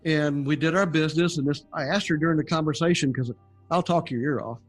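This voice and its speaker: A man's voice: fairly high pitch, fast, soft background music. Older man telling a folksy story. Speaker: guest sharing near-death testimony. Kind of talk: casual storytelling interview.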